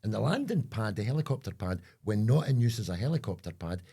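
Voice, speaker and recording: A man's voice: fairly low pitch, sing-song, quick pace, vocal fry, warm tone, breathy edge. A Scottish man co-hosting a podcast, chatting casually and rambling, often trailing off mid-sentence while he hunts for words. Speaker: podcast co-host. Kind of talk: casual chat.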